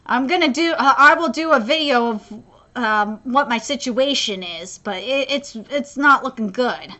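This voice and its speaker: A woman's voice: high voice, expressive, a little slow, pushed and bright. A woman doing a casual live manga reaction, rambling and stammering, interrupting herself and swearing freely.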